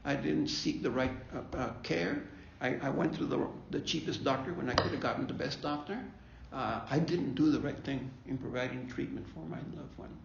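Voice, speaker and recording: A man's voice: medium pitch, normal speed, vocal fry, hardly any pauses, a little hiss or hum. A man leading a faith-based bereavement talk, conversational, often repeating himself and checking in with "okay?". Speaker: grief ministry leader. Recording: echoey room, dull lo-fi sound.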